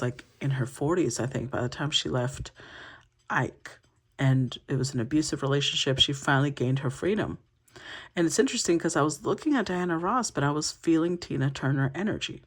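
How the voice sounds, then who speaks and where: Husky-voiced woman giving a tarot reading. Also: sits low, expressive, brisk. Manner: musing and conversational, thinking aloud. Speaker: tarot reader. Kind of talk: intuitive tarot reading for viewers.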